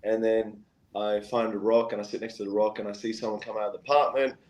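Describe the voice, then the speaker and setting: A man's voice: quick pace, low-quality recording. A man, a guest singer-songwriter, telling a long story in casual chat. He jumps into quoted voices and keeps circling back with "anyway". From Australia. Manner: animated, acts out quoted voices with big pitch jumps, keeps saying "anyway".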